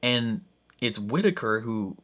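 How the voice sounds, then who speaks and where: A young man hosting a reaction video, thinking out loud in casual commentary, full of "like" and "I don't know", often breaking into a laugh. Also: lowish voice, lively intonation, takes it slowly.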